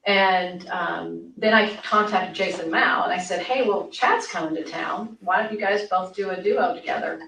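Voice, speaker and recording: A woman's voice: fairly low pitch, fairly bright tone. A woman speaking in a recorded interview, rambling and acting out quoted conversations with many restarts. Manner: rambling, acts out quoted dialogue. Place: interview room. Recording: echoey room from far off, faint noise.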